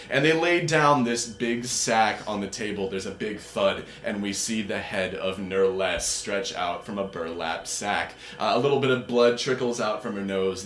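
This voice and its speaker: A man narrating as game master of a tabletop game, in a loose, relaxed way with many fillers. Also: lowish voice. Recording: roomy echo.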